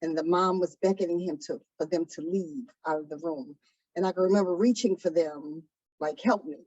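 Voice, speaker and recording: Soft-spoken hesitant woman, dull lo-fi sound. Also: lowish voice, fairly even intonation, husky, no echo. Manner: soft-spoken, hesitant, many pauses and ums. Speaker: trafficking survivor guest. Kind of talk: interview testimony.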